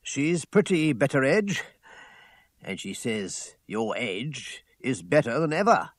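A man voicing a cheerful, well-off young gentleman in an audiobook, in a bright, animated, raised voice. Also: medium pitch, takes it slowly, dry recording, clean studio sound. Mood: urgent. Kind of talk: audiobook character voice.

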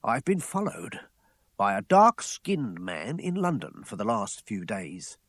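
A man voicing a cheerful, well-off young gentleman in an audiobook, in a bright, animated, raised voice. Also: lowish voice, slow, dry recording, exaggerated voice. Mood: urgent. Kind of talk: audiobook character voice.

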